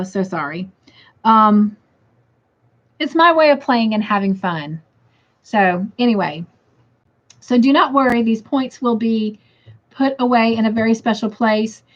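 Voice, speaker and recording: Lady chatting on her stream, reading comments, sore and worn out, kinda muffled audio. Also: a little high. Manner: chatty, reads viewer comments aloud. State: in pain, tired. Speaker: crochet livestream host. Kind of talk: casual livestream chat.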